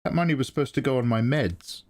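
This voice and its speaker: A man's voice: mid-range voice, quick pace, a little mellow. A man chatting casually on a live drawing stream, joking and self-mocking. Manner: joking, laughs between lines, self-mocking.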